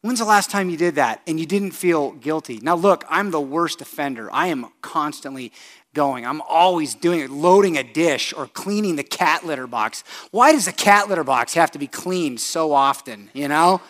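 This pastor's voice sits a little high and is expressive as he preaches, questioning the congregation directly. Some lines come hushed and slow, others loud and emphatic.

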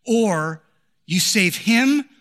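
A man voicing a chatty junior-high girl who eagerly poses a dilemma to her friends. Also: expressive, very slow. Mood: excited.

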